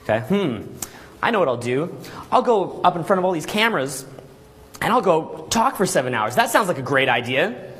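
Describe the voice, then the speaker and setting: A man coaching a live seminar in a hotel room, animated and laughing often as he acts out voices. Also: a little high, moderate pace. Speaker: dating coach running seminars.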